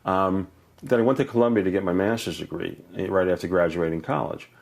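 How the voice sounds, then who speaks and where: An older man from Brooklyn, an educator and author, telling warm anecdotes in an interview, laughing often and acting out voices. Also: sits low, fairly quick, creaky. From Brooklyn, New York. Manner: animated, laughs often, acts out voices in stories.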